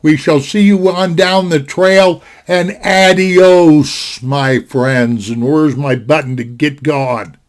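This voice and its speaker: A man with a fairly high voice spins a yarn to camera from his home. His talk rambles in a folksy way, loaded with fillers and false starts. He is recorded on a desktop computer mic. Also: steady tone, slow, hardly any pauses. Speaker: vlogger telling a personal story. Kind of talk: casual storytelling to camera.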